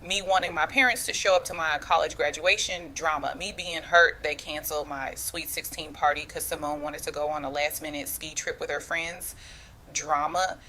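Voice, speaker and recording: Woman, 30s, first-person storyteller; low-set but punchy, forceful voice; slangy and confiding. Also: fairly even intonation, moderate pace, hardly any pauses, a little hiss or hum. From United States. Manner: slangy, confiding, talks straight to the listener.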